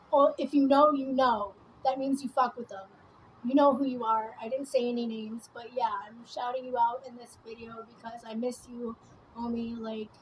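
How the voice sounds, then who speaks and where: A woman's voice: fairly high pitch, a little hiss or hum, low-quality recording. A woman vlogging in a casual, rambling monologue full of swearing and fillers while she does her makeup. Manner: rambling, profane, many fillers. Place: at home doing her makeup.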